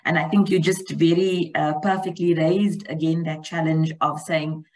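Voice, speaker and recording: A woman's voice: deep voice, flat delivery, normal speed, a little mellow, rough recording. A woman moderating a panel, thanking a speaker and summing up her points. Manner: appreciative, summing up.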